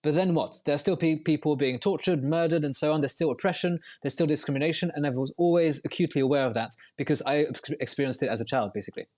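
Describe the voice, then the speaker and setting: Reflective man, higher voice, winding talk. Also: fast, hardly any pauses, a little mellow. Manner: reflective, long winding explanations with many restarts. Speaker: guest. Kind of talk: podcast interview.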